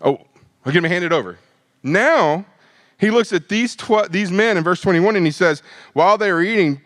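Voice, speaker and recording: A man leading a midweek Bible study, conversational and animated, acting out the disciples' lines. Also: high voice, normal speed, dry recording.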